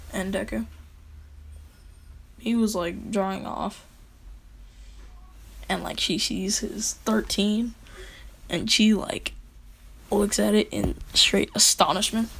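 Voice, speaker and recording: A woman's voice: mid-range voice, vocal fry, a bit bright, a little hiss or hum, low-quality recording. A young woman casually narrating a fan story as channel host, giggly and rambling.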